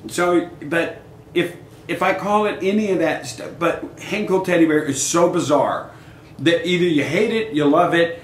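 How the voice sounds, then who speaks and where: Animated older man telling stories. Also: a little high, moderate pace. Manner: animated storyteller acting out quoted dialogue. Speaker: guest musician. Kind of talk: casual storytelling interview. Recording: echoey room with faint noise.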